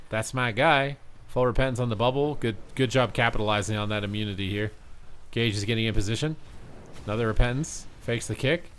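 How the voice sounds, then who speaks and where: Male streamer-commentator, worn out, fast game calls, casual chat. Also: mid-range voice. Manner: quick play-by-play, rising excitement on big plays. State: tired, yawning.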